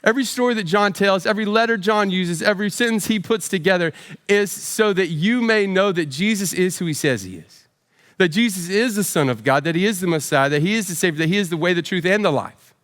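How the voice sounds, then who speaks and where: A man in his forties, a pastor preaching a storytelling sermon with self-deprecating humor and animated voices for quotes. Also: sits high, brisk, in a large hall. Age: 40s.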